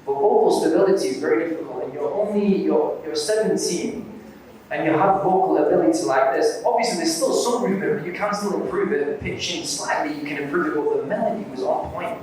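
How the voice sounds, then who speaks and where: A man serving as guest judge, giving measured critique of a young reciter and closing with blessings. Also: on the high side, darkish tone, a little hiss or hum. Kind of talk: live event judging feedback. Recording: echoey hall from far off.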